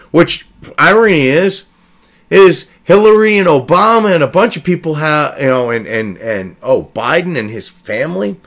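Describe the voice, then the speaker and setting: A man's voice: on the high side, a bit bright. A man hosting a political commentary video, reading an article aloud and cutting in with profane, sarcastic, exasperated remarks.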